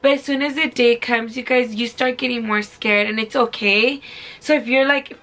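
A woman's voice: a little high, steady tone, normal speed, fairly bright tone. A young woman in her twenties from California, telling a story casually to camera in a chatty, filler-heavy way, swearing freely. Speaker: beauty vlogger.

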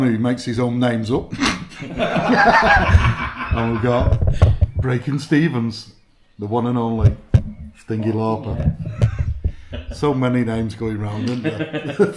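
A young man on a motorcycle trip, joking crudely and laughing with his mates at a rainy campsite. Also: mid-range voice. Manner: swearing, joking, laughing often. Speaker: motorcycle vlogger. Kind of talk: crude banter among friends. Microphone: action camera mic. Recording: noisy outdoor recording with clicks.

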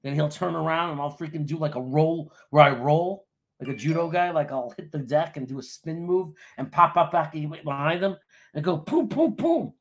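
Brief: New man, sports stream host, slightly high husky voice, joking and boastful banter. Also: fairly even intonation, moderate pace. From New York. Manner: joking, boastful, laughs often. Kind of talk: casual live-stream banter.

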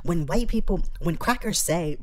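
Woman vlogger, deep-toned, rambling crude comedic rant. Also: expressive, moderate pace.

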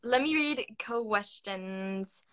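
A woman's voice: medium pitch, extremely slow, sharp tone. A young woman hosting a phone live stream, chatty and giggly as she reads out comments. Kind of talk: casual chat. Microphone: phone on a live video call.

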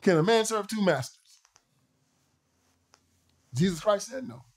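A man's voice: high-pitched, expressive, unhurried, husky. A man hosting a political commentary show, delivering an emphatic, repetitive, sermon-like monologue. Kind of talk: preachy monologue.

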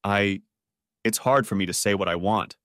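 A man's voice: lowish voice, moderate pace, fairly bright tone, dry recording, studio quality, lightly acted. A man voicing a distressed young bride who stammers through tears in an audiobook story.

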